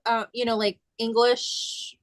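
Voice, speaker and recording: Curious woman, kinda high voice, dry close sound, lots of questions. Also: flat delivery, takes it slowly, no room sound. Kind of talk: casual chat.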